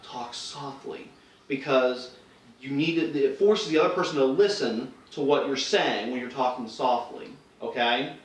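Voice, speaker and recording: A man instructing self-defense, talking casually with frequent restarts and acted-out lines while demonstrating. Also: a little high. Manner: casual, conversational, many restarts and acted-out quotes. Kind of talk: demonstration lesson. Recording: roomy echo, mic far off.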